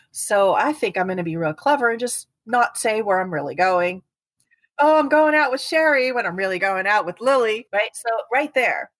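A woman in her fifties, a guest speaking about partner abuse in a casual podcast conversation, earnest and animated, acting out the people she quotes. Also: mid-range voice, no echo. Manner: earnest, animated storyteller who acts out quotes.

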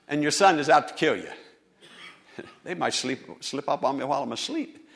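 A male pastor preaching a sermon to a congregation, swinging from soft, low lines to loud, high appeals. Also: moderate pace. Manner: preaching with dramatic swings in loudness and pitch. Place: church.

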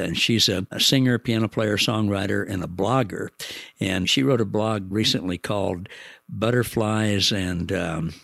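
Man, host, low gravelly voice, dry close sound, gentle admiring talk. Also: no room sound. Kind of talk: casual spiritual interview.

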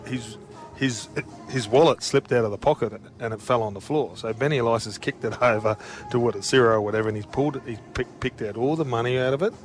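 A man with an Australian accent talks through a string of anecdotes on a radio sports show. His voice sits at an ordinary middle pitch. He tells the stories in quick, tumbling bursts and keeps slipping into laughter. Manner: animated, tumbling anecdotes, often breaking into laughter. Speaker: radio co-host, former rugby league player. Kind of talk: casual storytelling chat.

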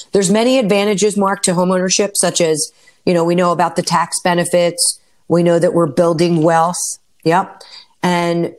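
Lady on talk radio going through mortgage stuff, lowish voice, steady and informative. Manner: informative, reads out rates and phone numbers. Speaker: mortgage lender and radio co-host.

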